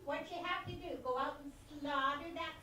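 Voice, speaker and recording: An actress playing a loud, impatient small-town diner customer, in an amateur stage play. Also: female voice, high-pitched, steady tone, normal speed, a little hiss or hum. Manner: brash, demanding. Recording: very echoey stage heard from far off.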